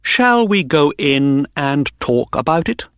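A man voicing a confident, sharp-minded detective in an audiobook, speaking in a calm, assured way. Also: on the high side, takes it slowly, no echo, studio quality, pitched above the performer's own voice, exaggerated voice. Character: sharp, confident male detective, middle-aged. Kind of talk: audiobook character reading.

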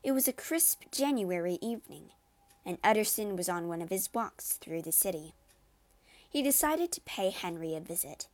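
A woman narrating a classic story in a measured, expressive storybook reading. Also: fairly low pitch.

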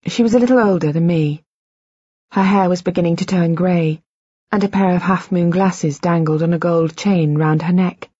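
A poised older female doctor with a polite, gently formal manner, as a woman narrator puts her on. The voice is low and husky, recorded dry and slightly dull. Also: moderate pace, dry recording.

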